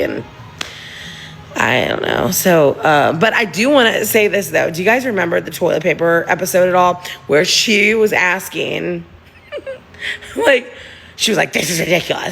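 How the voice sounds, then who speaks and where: Giggly gossiping woman with a gravelly edge. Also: on the low side, fairly bright tone, a little hiss or hum. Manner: chatty, giggly, gossipy, rambling with restarts. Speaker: livestream host. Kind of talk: casual livestream chat to viewers. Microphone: phone.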